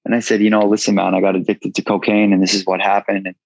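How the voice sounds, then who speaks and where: A man's voice: on the low side, little pitch movement, quick pace, gravelly, no room sound, poor audio. A man in his thirties, a guest in an interview, telling his story frankly and casually, swearing freely. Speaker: guest, entrepreneur.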